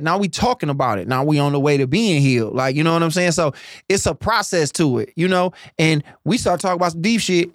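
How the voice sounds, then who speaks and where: A man with talks in a loose, profane, joking way, spinning stories in casual chat. His voice sits a bit high for a man, and it sounds dry and close with no room behind it. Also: fast, dry recording.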